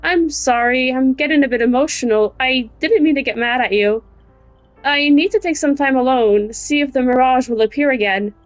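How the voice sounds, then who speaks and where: A woman's voice: high voice, normal speed, no room sound, soft background music, voice pushed up, natural voice, low-quality recording. A woman reads a grieving, anxious young woman's game dialogue aloud in an emotional, pleading way.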